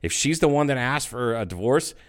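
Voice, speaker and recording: A man's voice: mid-range voice, animated, a little fast. A middle-aged man in casual chat, telling stories bluntly and swearing freely. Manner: blunt storytelling, heavy swearing.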